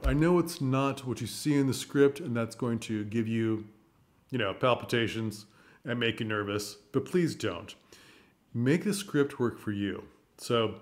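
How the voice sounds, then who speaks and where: A man talks through practical theater advice in a chatty, coaching way. He keeps it casual, tossing out rhetorical questions and plenty of reassurance. His voice sits at an ordinary, mid-range pitch. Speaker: theater channel host.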